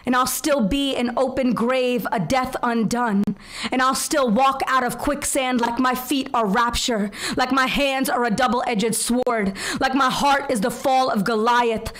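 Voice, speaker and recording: Young woman poet, spoken word, slow rhythmic delivery, fairly high voice. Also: a bit bright. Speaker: featured poet. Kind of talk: spoken word poetry performance. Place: open mic venue with audience.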